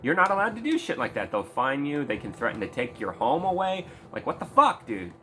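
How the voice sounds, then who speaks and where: A man's voice: mid-range voice, sing-song, brisk, fairly bright tone. A man ranting in a casual commentary video, heated and sarcastic, swearing often. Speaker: video creator.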